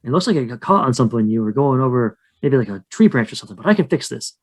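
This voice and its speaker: A man's voice: mid-range voice, expressive, fast talker. A man voicing a shy, huge, hairy male skunk ape who lives in a swamp cave, talking in a flustered, rambling, hesitant way. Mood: explaining.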